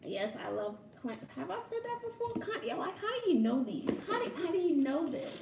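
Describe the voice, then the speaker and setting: Woman vlogger at home, high and animated, excited and giggly, echoey room off-mic. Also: fairly quick, vocal fry, far from the mic, slight background noise. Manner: excited, giggly, talks to viewers as y'all. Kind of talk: casual vlog chat.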